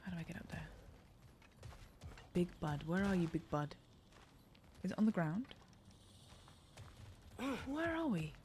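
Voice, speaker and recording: A woman's voice: lowish voice, big pitch swings, unhurried, pauses often, a little mellow, a little hiss or hum. A young woman streamer chatting and reacting aloud as she plays a video game. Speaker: gaming streamer. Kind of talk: let's play commentary.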